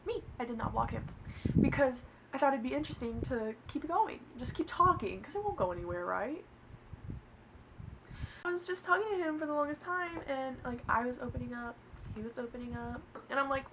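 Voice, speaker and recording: Young woman, storytime vlog, fairly high voice, loose and sweary, faint noise behind. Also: animated, normal speed, a bit bright, low-quality recording. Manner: chatty, swears a lot, laughs through the story. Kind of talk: casual storytime.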